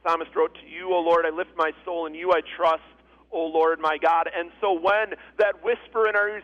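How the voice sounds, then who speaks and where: A pastor delivers his sermon in a high, earnest man's voice, circling back to repeat key phrases for weight. The recording is dull and lo-fi, like a modest church capture. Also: steady tone, moderate pace.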